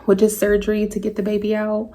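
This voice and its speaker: A woman in a vlog telling a personal story to her viewers, speaking in a halting, emotional way. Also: mid-range voice, completely flat delivery, mellow. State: tearful at times. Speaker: vlogger. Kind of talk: personal story told to camera.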